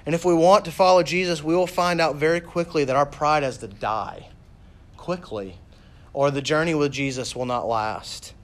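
Male preacher, sermon delivery, emphatic, repeats points, slightly high pitch. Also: normal speed.

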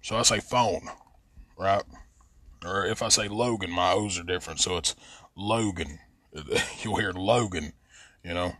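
A low-voiced man with a thick Southern Appalachian drawl talks casually and profanely, stretching his vowels as he goes. He rambles as a podcast host into a close, dry microphone. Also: steady tone, normal speed, bright, forceful tone, dry recording. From West Virginia.

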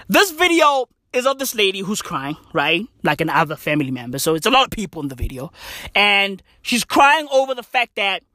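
A man hosting a podcast, telling a story in an animated, profane, slang-heavy monologue. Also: sits high, dry recording, clean studio sound. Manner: swearing, slangy, says "bruv" and "right?" often. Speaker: podcast host.

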